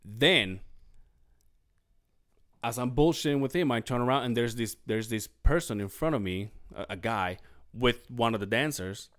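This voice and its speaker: Male podcast host with a lively, swooping voice, swearing freely and correcting himself mid-story. Casual storytelling chat. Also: medium pitch, normal speed. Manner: profane, animated storyteller acting out quotes; rambling with self-corrections.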